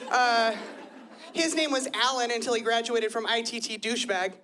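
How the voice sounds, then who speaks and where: A woman's voice: fairly high pitch, normal speed. A woman in her thirties doing chatty, self-deprecating live stand-up comedy on a club stage. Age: 30s. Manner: chatty, self-deprecating, lively with quoted voices. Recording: live club audio with crowd laughter.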